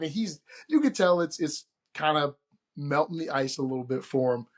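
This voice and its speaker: A man hosting a podcast, telling a story in a casual, animated way and acting out the quoted voices. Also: on the high side, normal speed. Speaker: podcast host.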